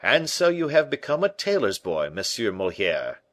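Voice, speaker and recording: Guy reading a cocky teasing musketeer captain, loud and pushy, dry close sound. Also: lowish voice, very animated, moderate pace, no echo. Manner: bantering, emphatic.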